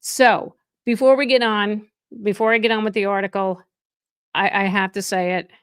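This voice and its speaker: A chatty middle-aged woman hosts a real estate live stream and talks to her viewers in a warm rush, often stopping and restarting her sentences. Her voice sits at an ordinary pitch for a woman. It is recorded close and dry, with no room sound. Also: steady tone, moderate pace, clean tone, dry recording. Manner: effusive and chatty, with frequent restarts. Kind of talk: casual live stream chat.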